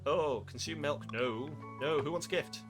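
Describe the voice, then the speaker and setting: A young man with a slightly high voice speaks a little slowly while streaming a farming game with game music playing. He chats casually with viewers in a rambling, self-mocking way.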